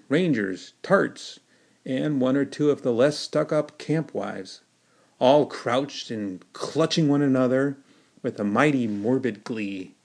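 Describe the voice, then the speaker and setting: A man reads his own novel aloud for his podcast at an unhurried pace. His delivery is folksy and storytelling in manner, settled in a middle pitch. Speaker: podcast host and author.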